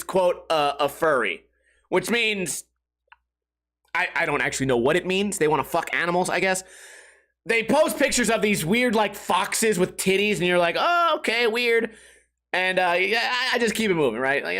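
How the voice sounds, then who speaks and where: Animated, high-voiced rambling podcast host. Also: male voice. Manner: swearing, rambling, laughs at own jokes. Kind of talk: solo comedy podcast rant.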